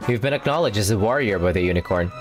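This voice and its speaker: A man reads a bold, pushy young woman character from a game. The lines come in a low-pitched, flat read-aloud voice with small stumbles. Game music plays behind. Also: fast, lightly acted. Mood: plain reading.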